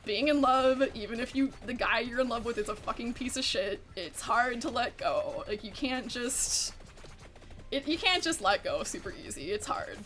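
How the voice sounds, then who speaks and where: Woman streamer, casual gaming chat, higher-pitched, cursing and laughing, faint game music behind. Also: expressive, normal speed, fairly bright tone. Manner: chatty, swears freely, laughs often. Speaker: VTuber streamer.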